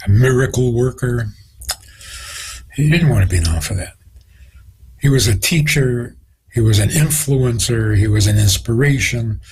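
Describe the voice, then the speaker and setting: Husky-voiced man, rabbi guest, animated storyteller, radio interview. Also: medium pitch, unhurried, long pauses, rough recording. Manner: retells stories with quoted dialogue, animated. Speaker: rabbi answering questions as a guest.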